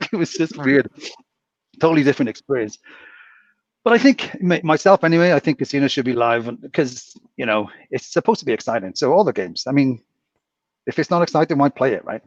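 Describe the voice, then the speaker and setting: A man, a casino dealer, rambling through anecdotes and often clearing his throat. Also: mid-range voice, lively intonation, a little fast, no room sound, lo-fi sound. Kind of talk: casual chat.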